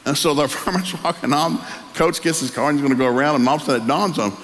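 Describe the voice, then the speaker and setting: A man's voice: a little high, rapid-fire. A man, preaching a sermon as pastor and telling a folksy story. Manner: folksy, animated storyteller acting out voices. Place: church sanctuary. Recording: live church hall with long reverb.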